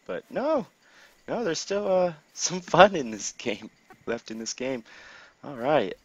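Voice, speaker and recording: Excitable man narrating his gameplay. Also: on the high side, slow, no echo, muffled recording. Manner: excitable, laughing, swearing. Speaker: gameplay commentator. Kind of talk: casual gameplay commentary.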